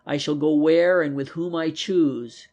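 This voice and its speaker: A man's voice: on the high side, fairly even intonation, measured pace, a little mellow, lightly acted. A man voicing a proud, indignant young woman in a detective audiobook, speaking with haughty scorn.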